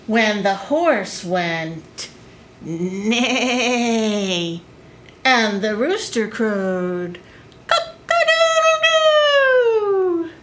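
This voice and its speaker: A librarian at preschool story time reads aloud with a bright, clear tone, her pitch swooping up and down. She takes her time over each phrase, very slow and deliberate. A faint hiss sits under the voice. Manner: slow, expressive read-aloud for small children. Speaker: children's librarian.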